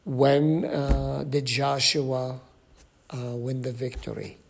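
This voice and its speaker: A mid-range, creaky voice with little pitch movement belongs to a man leading a Bible study group. He teaches slowly, filling in with ums and questioning the group.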